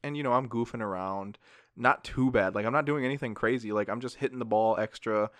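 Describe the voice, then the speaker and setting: 20-something guy telling wild school stories, lively and swearing, dry close mic. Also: medium pitch, brisk, no room sound. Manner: animated storyteller, swears casually. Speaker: podcast co-host. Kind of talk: casual podcast chat.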